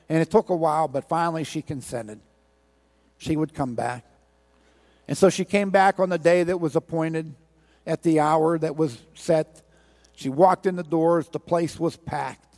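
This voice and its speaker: A man preaches a sermon, recounting a parable with a rhythmic, repetitive storytelling cadence. His voice is on the high side and a little mellow, and a long hall reverb surrounds it.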